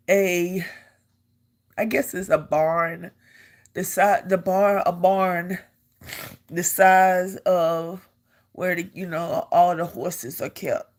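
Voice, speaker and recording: An older woman, an army veteran, telling a personal story in an earnest way and repeating phrases for emphasis. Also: on the low side.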